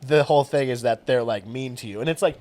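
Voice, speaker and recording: A man's voice: medium pitch, fast talker, a little mellow. A man co-hosting a comedy podcast who tells stories animatedly, laughs often and acts out the people he quotes. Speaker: podcast co-host. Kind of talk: casual comedy chat.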